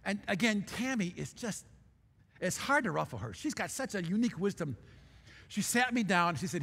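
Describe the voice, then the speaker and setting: An older man telling an emotional story in a sermon, halting and repeating himself as he speaks. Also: high-pitched, big pitch swings, vocal fry, fairly bright tone, slightly rough. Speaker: pastor. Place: church sanctuary. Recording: hall reverb in a church.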